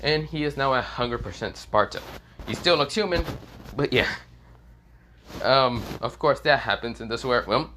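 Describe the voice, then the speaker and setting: A man's voice: medium pitch, moderate pace, pauses often, sharp tone. A young man improvising a fan story aloud, with an ordinary mid-range voice. He rambles, corrects himself and swears casually. A faint hiss sits behind him. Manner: rambling, many fillers and self-corrections, swears. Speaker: fan fiction narrator.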